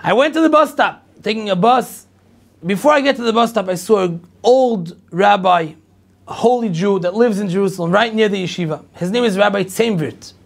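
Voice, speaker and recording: A man's voice: high voice, normal speed, gravelly. A middle-aged man, a rabbi telling a personal story to an audience and acting out the dialogue, with lots of repetition. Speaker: rabbi lecturer.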